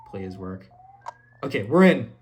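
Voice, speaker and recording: A woman's voice: very deep voice, very animated, moderate pace, darkish tone. A woman giving casual let's play commentary, chatting and reacting to the game as she plays. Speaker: gaming channel host. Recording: game music playing underneath.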